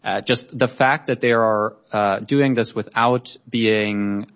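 A man's voice: lowish voice, fairly even intonation, takes it slowly, fairly bright tone, dull audio. A man testifying as an expert witness, hesitant, with many fillers. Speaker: expert witness, research company head. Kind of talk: hearing testimony.

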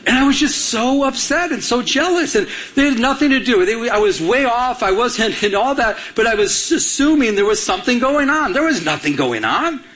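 A man's voice: very high-pitched, expressive, normal speed, hardly any pauses, fairly bright tone. A middle-aged man from Michigan, a pastor, preaching a sermon and telling a personal story, acting out his own quoted lines with animation.

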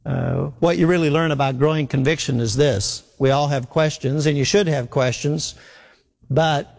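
A man's voice: on the high side, steady tone, moderate pace, darkish tone, in a large hall. A man preaching a sermon in an earnest way, repeating his key phrases for emphasis.

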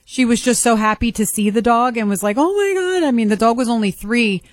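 A caller rushing through a story with excited energy and quick laughs. The sound is dry and close. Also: mid-range voice, no echo.

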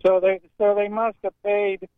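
A man's voice: high-pitched, level tone, moderate pace, dry recording. A man calling in to a talk radio show, grumbling about politics in plain-spoken talk. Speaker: radio caller. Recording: tinny phone line.

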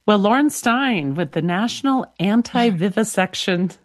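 A woman's voice: mid-range voice, expressive, moderate pace, dry recording, studio quality. A woman radio host interviewing a guest and signing off in a friendly, conversational way.

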